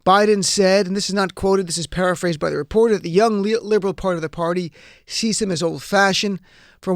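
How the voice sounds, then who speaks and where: A man's voice: high voice, gravelly, fairly bright tone, dry recording. A man hosting a political talk show, giving emphatic, sarcastic commentary from a studio. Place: radio studio.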